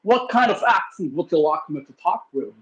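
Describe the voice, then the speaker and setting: Man, high pitched, rambling chat while cooking, roomy noisy recording, dog nearby. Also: very animated, brisk, highs cut off. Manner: rambling, restarts sentences. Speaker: livestream host. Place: home kitchen.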